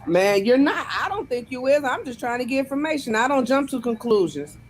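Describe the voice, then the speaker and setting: A woman's voice: sits high, very animated, fairly quick, slight background noise. A woman calling in to a talk show, deferential and rambling as she defends her questions. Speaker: caller. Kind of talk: call-in conversation.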